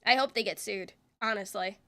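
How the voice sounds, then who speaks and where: A woman's voice: medium pitch, normal speed, a bit bright. A woman streamer giving exasperated, sarcastic reaction commentary and swearing freely.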